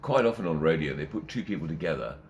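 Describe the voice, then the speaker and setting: An older man, a former radio presenter, telling anecdotes lively in an interview and acting out the quotes. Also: very deep voice, fast talker, slight background noise. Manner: animated, acts out quotes and laughs. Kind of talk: anecdotal storytelling.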